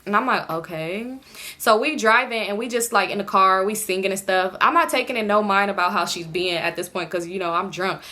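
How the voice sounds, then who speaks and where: A young woman telling a storytime tale in casual slangy chat, acting out her friends' lines with lively voice changes. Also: mid-range voice, fairly quick. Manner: animated, acts out quoted friends in raised voices. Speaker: storytime vlogger.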